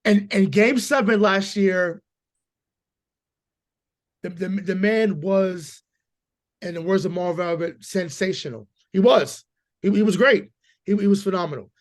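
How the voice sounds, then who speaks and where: Hoarse male sports-podcast co-host, slightly high voice, ranting hard with stammered restarts. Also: unhurried, pauses often. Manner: emphatic, profane, stammering repeats. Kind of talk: casual sports chat.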